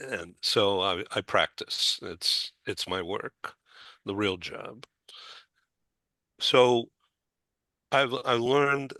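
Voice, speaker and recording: An older man hosting a talk show, telling a personal story in a halting way, with stumbles, fillers and small laughs. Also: on the low side, bright, forceful tone, no echo. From Boston area.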